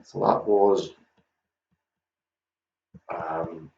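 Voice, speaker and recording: A man's voice: low-pitched, fairly even intonation, very slow, vocal fry, warm tone, reverberant, lo-fi sound, a little hiss or hum. A man hosting an online pub quiz, chatty and self-mocking, talking straight to the viewers.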